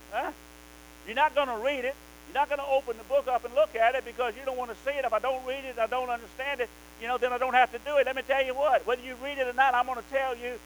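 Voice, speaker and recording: A male preacher from the South, delivering a fervent, emphatic sermon that rises into loud exhortation. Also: very high voice, slight background noise, rough recording. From American South.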